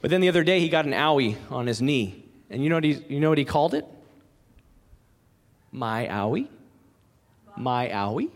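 Pastor, male, thirties, high voice, earnest emphatic sermon delivery, long hall reverb. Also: lively intonation, racing, few pauses. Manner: earnest, emphatic preaching with repeated phrases.

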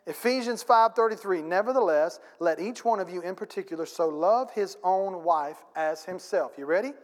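High-voiced preaching man in a reverberant hall. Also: normal speed. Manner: folksy preaching with casual grammar; emphatic, rising to loud peaks. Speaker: pastor. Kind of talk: sermon. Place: church sanctuary. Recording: long church hall reverb.

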